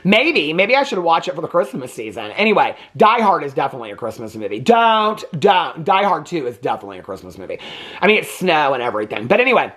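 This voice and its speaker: Male reviewer in his fifties, chatty and digressive, with a very animated voice. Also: a little high, fast. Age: 50s. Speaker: movie reviewer. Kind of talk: casual chat.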